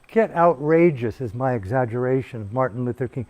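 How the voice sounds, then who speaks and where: A man's voice: medium pitch, expressive, brisk, few pauses, a little mellow. A man giving a profane, provocative dharma talk as a meditation teacher at a retreat. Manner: provocative, swearing, intense. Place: retreat hall in Bali.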